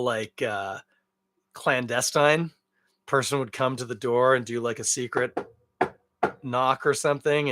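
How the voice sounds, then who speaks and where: A man's voice: medium pitch, no room sound, studio quality. Rambling, jokey man hosting a podcast. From Canada. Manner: rambling, jokey and animated, with big swings in loudness. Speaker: beer podcast host. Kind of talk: casual solo podcast chat.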